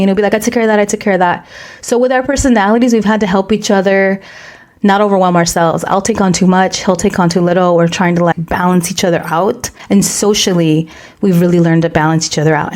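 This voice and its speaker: A woman co-hosting a podcast in casual chat, telling stories with lively acted-out quotes and dropping Spanish phrases into her English. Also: medium pitch. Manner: fast, animated storytelling, mixing Spanish phrases into English; acts out quoted dialogue in a raised voice. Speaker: podcast co-host.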